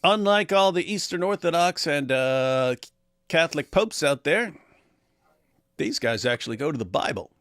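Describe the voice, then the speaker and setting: A man's voice: fairly high pitch, animated, normal speed, fairly bright tone, no room sound, clean studio sound. A man co-hosting a casual livestream, reading viewer comments aloud, rambling and laughing at his own puns.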